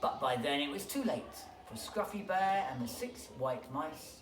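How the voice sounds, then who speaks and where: A school reader telling a bedtime picture-book story with expressive, animated delivery. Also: medium pitch, unhurried. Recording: echoey room, distant mic, background noise.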